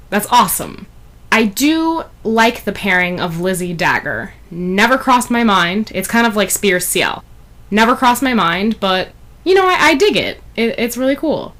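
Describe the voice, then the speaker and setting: Woman, mid pitch, casual reviewer, loose and chatty with lots of fillers. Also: fairly bright tone. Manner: chatty, rambling, many fillers like "you know". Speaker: fan fiction reviewer. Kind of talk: casual spoken story review.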